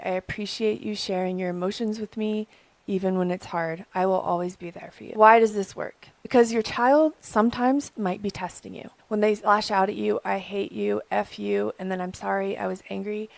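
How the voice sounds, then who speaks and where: A young adult woman hosting an advice channel, talking calmly and earnestly from her own experience. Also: mid-range voice, gravelly, no echo. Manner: gentle, earnest, speaking from personal experience. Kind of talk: calm advice talk to camera.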